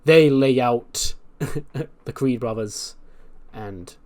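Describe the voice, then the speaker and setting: A man's voice: medium pitch, very slow, darkish tone. A man casually narrating a wrestling management game run, chatty and full of fillers. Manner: chatty, filler-heavy recapping. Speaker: game commentator.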